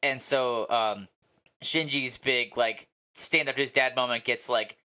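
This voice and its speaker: A man co-hosting a podcast, rambling excitedly through a casual episode recap with lots of fillers and swearing. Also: medium pitch, unhurried. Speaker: podcast co-host.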